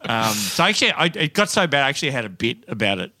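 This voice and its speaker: A man's voice: medium pitch, big pitch swings, fast, bright, forceful tone, dry recording. An Australian comedian chatting casually in a green room, telling stories and acting out the voices of people he quotes. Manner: storytelling, acts out quoted voices. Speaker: comedian guest.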